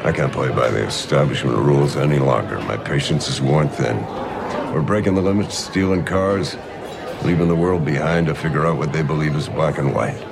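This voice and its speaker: A man's voice: a bass voice, a little fast, creaky, noisy background. An actor playing a frantic middle-aged radio host who babbles and repeats words over and over to cure an infected woman, in a film clip. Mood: cool deadpan. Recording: film audio with loud score.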